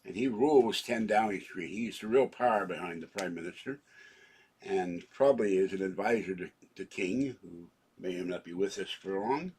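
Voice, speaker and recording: A man's voice: sits low, normal speed, a little mellow, husky. A man in his seventies rambling through a home vlog, joking and interrupting himself as he goes. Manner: rambling, jokey, self-interrupting. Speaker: channel owner.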